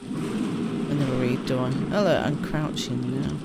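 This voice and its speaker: A rumbling low, steady voice at a measured pace belongs to a woman streaming a game, reading on-screen text aloud with chatty, self-deprecating let's-play commentary. There's heavy background noise, and her voice sits over clear game music.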